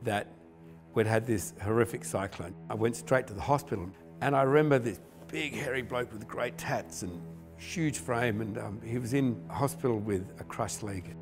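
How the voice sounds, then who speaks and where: A man, a company founder, telling stories in an earnest, emotional interview. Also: lowish voice. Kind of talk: reflective interview.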